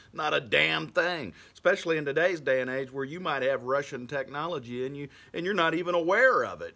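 A man's voice: fairly high pitch, fairly bright tone. Chuckling man rambling to camera. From Texas. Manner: laughs through his words often, rambling and scoffing. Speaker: vlogger.

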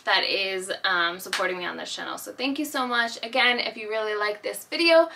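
A woman's voice: medium pitch, lively intonation, brisk, gravelly, pushed and bright, a little hiss or hum. A woman chatting casually through a shopping haul vlog. She rambles and pokes fun at herself. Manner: chatty, rambling, self-deprecating. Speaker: YouTube vlogger.

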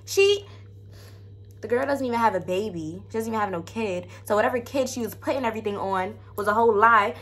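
Young woman telling an animated story. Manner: animated storytelling, frequent profanity and slang; drops to low asides to viewers. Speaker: vlogger. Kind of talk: casual storytime vlog.

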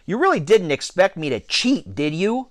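A matter-of-fact boy from a storybook who shrugs off his friend's complaint in a blunt, dismissive tone, voiced by a man reading aloud. The voice is fairly high and dry-sounding. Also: very animated, moderate pace, no echo.

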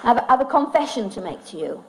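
An English woman comedian sings comic songs and performs dry, self-mocking stand-up before a live audience, captured on an old vinyl record with music and audience sounds. Her voice is on the high side, racing and creaky with big pitch swings. The recording is very noisy.

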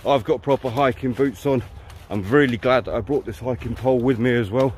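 A man's voice: mid-range voice, brisk, darkish tone, slight background noise. A man vlogging on a riverside hike outdoors, chatting bluntly and swearing freely. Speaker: hiking vlogger. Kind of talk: casual walking vlog monologue. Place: outdoors on a riverside countryside path.

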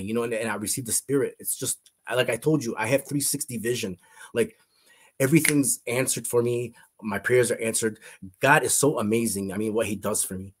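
Husky-voiced man giving a fervent testimony. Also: mid-range voice. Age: adult. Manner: earnest, fervent, often repeats words and restarts. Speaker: interview guest sharing a faith testimony. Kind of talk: emotional personal testimony.

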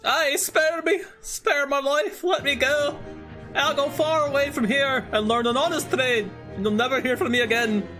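A man's voice: extremely high pitch, fairly even intonation, unhurried, sharp tone, faint music behind, pitched above the performer's own voice, heavily acted. A man voicing a cowardly male bandit who begs for mercy in a put-on Scottish accent, frantic and groveling. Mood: begging. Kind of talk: voicing game dialogue on a stream.

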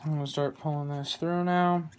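A man giving a casual how-to tutorial on a glove, relaxed and rambling, with plenty of fillers and small jokes. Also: a little high, normal speed, a little hiss or hum. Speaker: glove maker demonstrating lacing. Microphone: phone camera.

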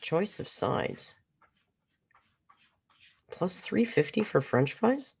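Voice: medium pitch, big pitch swings, very slow, gravelly, husky. Chatty live streamer talking to chat. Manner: chatty, talks straight to the chat, narrates own actions aloud.

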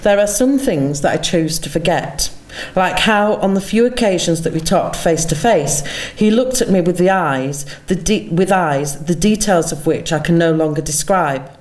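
A woman's voice: on the low side, lively intonation, darkish tone. Woman reading memoir aloud. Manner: measured, reflective reading with lingering pauses. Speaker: author reading her own work. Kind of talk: literary reading at a conference. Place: conference venue.

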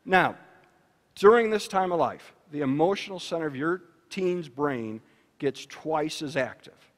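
A man speaking at a luncheon, giving an educational talk to parents in an animated, storytelling manner. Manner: animated storytelling with shifts in pitch and loudness. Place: banquet hall. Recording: reverberant hall.

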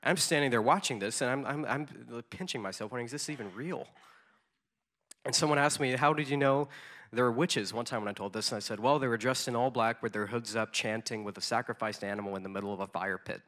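A man delivering a sermon as a personal story, his voice bright and forward. He speaks in a relaxed, conversational way, stumbling over repeated words and filling pauses with ums. His pitch sits in an ordinary middle range for a man. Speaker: conference speaker.

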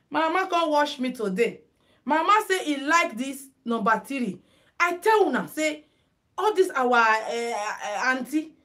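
Her voice is high with a fairly bright tone as this Nigerian woman runs a livestreamed headwrap tutorial, recorded on a phone. Chatty and casual, she slips into Pidgin and calls out viewers by name.

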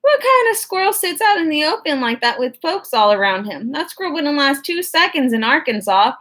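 A woman's voice: sits high, big pitch swings, normal speed, fairly bright tone, pitched above the performer's own voice. A woman reading an audiobook puts on a friendly, talkative boy from the rural South. He drawls along in a slightly raised, cheerful voice, boasting happily about hunting. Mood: boastful. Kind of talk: audiobook character voice.

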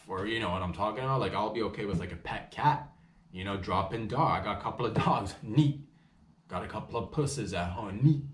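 A Canadian man spins a loose, slangy comedic story as a podcast host, forever restarting and turning to talk to his listeners. His voice sits at an ordinary middle pitch. The room around him rings with a clear echo. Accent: Canadian English. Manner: rambling, slangy, full of restarts and asides to listeners. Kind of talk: casual comedic storytelling monologue. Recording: echoey room.

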